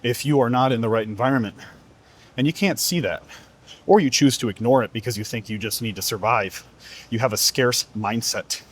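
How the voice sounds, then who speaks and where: A man's voice: mid-range voice, a little fast. Earnest man giving a motivational talk. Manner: earnest, emphatic, repeats rhetorical questions. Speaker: fitness coach.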